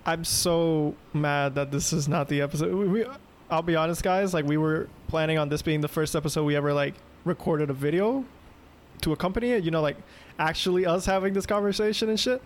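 High-voiced young man teasing his co-host. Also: fairly even intonation, a little hiss or hum. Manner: teasing, quick interjections. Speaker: podcast co-host. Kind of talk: casual chat.

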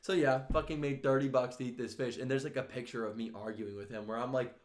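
A young man co-hosting a podcast, telling stories in casual, profane, animated chat. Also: medium pitch, fairly quick, reverberant. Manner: swears a lot, animated storytelling with laughs. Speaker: podcast co-host.

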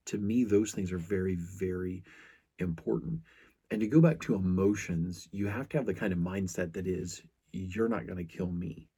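A man's voice: deep voice, fairly even intonation, moderate pace, mellow, husky. A middle-aged man hosting a podcast, telling stories in an earnest, casual way with frequent restarts. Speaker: podcast host.

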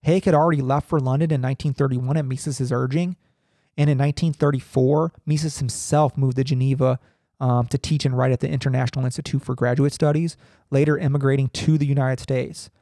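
A young man reading a text aloud in a halting way, full of ums and restarts, with casual asides. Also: medium pitch, fairly even intonation, mellow, dry recording, studio quality. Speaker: podcaster reading and commenting.

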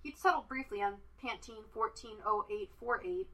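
A woman reading fan fiction aloud in an even, quiet narrating voice. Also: medium pitch, normal speed, rough recording. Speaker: podfic reader.

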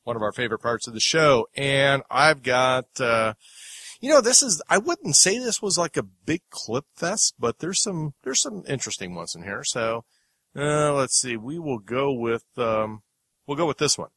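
A man's voice: medium pitch, very animated, normal speed, sharp tone, no echo. Dry-sounding man hosting a movie podcast. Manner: laughs easily, plays clips. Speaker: podcast host. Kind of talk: casual movie review chat.

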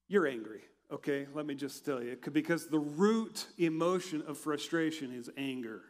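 A high-pitched man preaching in a church hall, his voice carrying a long reverberant tail. He asks the congregation questions and waits for the answer, then lets his voice sink low and quiet. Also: normal speed, hardly any pauses. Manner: preaches with rhetorical questions, swings from loud to quiet. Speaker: pastor. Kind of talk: sermon.

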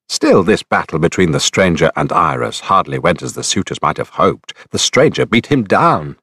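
Low-voiced man narrating an epic. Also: big pitch swings, normal speed, few pauses, a bit bright, breathy edge, no echo, studio quality. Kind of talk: audiobook narration of an epic poem.

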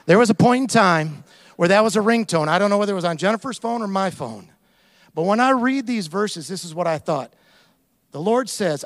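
A man preaching a sermon as a pastor, animated, acting out little scenes and asides as he goes. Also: sits high, brisk.

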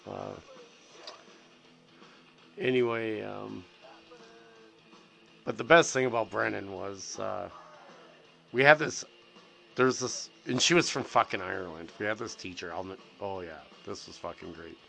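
A gravel-voiced middle-aged man on the low side spins loose, profane stories, full of restarts and filler words. Faint music plays behind him. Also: a little slow, pauses often, bright, forceful tone. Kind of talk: rambling casual storytelling.

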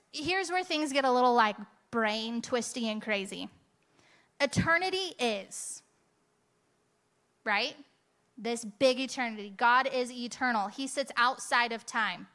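Bright-voiced woman preaching a sermon. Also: on the high side, clean tone. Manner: conversational and emphatic, with rhetorical "right?" asides.

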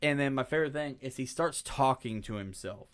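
A man's voice: medium pitch, a little fast. A man co-hosting a podcast, casually retelling a film and acting out its lines with a lot of swearing. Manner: animated retelling with acted quotes, frequent profanity. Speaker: podcast co-host. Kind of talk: casual movie discussion.

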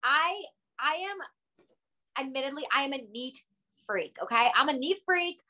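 A woman's voice: sits high, animated, moderate pace, sharp tone. A woman co-hosting a casual TV recap chat, blunt and opinionated, stressing her points with emphasis. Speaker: podcast co-host.

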